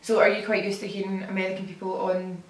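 A woman's voice: mid-range voice, flat delivery, quick pace. A young adult woman with a Scottish accent, a YouTube host chatting casually and giggling easily. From Scotland. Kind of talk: casual chat. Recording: echoey room, off-mic.

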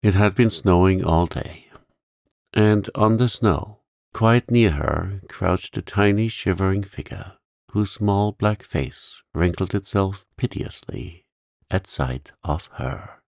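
Deep, slow, gravelly male sleep-story narrator. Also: no echo, clean studio sound. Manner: slow, gentle and soothing. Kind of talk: calm bedtime story narration.

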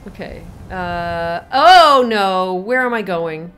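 A woman's voice: medium pitch, lively intonation, slow pace, a bit bright, clean tone. A woman streaming a video game, playful and exclamatory, laughing and reacting as she plays. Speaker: gaming streamer. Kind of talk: live game commentary.

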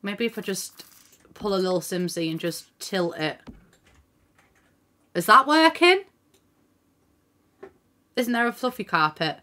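Bright-voiced woman streaming casually. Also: mid-range voice, animated, a little slow, pauses often. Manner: chatty, thinks aloud, reads out chat, swears casually. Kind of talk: casual livestream chat. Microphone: desk microphone in front of screen.

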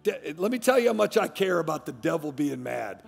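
A middle-aged man, a pastor, preaching a fiery sermon that swings from hushed tones to shouting. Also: a little high, very animated, fairly quick, gravelly. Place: large church sanctuary. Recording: long church-hall reverb, faint music.

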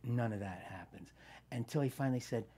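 A man in his sixties, an actor appearing as a guest, tells anecdotes in a casual interview, speaking a little fast in a mid-range voice with a breathy edge. He's an animated storyteller who swears freely and acts out the lines he quotes.

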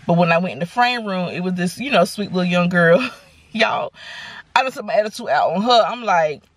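A woman, telling a story to her viewers in a casual, animated, sassy way from inside a car. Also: on the low side, fairly quick, no room sound. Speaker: vlogger. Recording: car noise behind the voice. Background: car and road noise.

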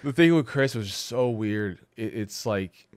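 A man's voice: on the low side, lively intonation, a little slow, clear, resonant tone, dry recording, clean studio sound. A young man co-hosting a podcast, telling stories in casual chat, laughing often and trailing off mid-sentence. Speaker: podcast co-host.

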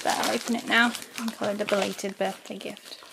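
A woman's voice: medium pitch, level tone, brisk, gravelly, very noisy. A woman chatting casually as she opens fan mail at home and coos at her dog in a sing-song voice. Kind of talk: casual chat.

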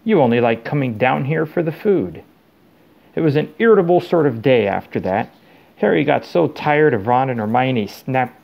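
A man reading a storybook chapter aloud to his child in a steady, plain way. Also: medium pitch, creaky, muffled recording.

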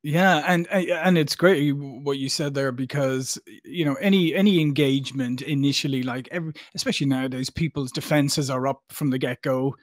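A man hosting a sales podcast, talking enthusiastically with frequent restarts and quick affirmations. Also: medium pitch, dry recording, studio quality. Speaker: podcast host. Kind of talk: podcast interview.

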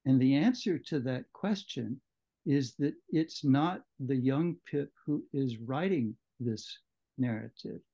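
A man leading a book club discussion, explaining a novel in a measured lecturing way, on muffled audio. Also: medium pitch, expressive, mellow. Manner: measured, explanatory, with occasional restarts. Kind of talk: literary lecture.

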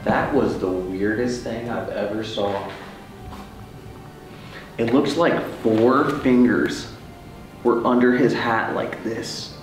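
A man's voice: medium pitch, steady tone, slow, long pauses, distant mic, faint music behind. A young man investigating a haunted hospital at night, whispering and then exclaiming in casual chat. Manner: jumpy, often whispering, then loud exclaiming. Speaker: paranormal investigator. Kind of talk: casual ghost-hunt chat. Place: large abandoned hospital, indoors at night. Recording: very echoey hallway.

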